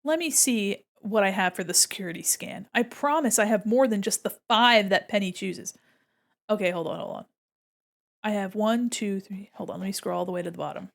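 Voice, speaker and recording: A woman's voice: mid-range voice, brisk, vocal fry. A young woman chatting casually to her livestream chat while she draws, giggling often and reading out viewer messages. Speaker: streamer.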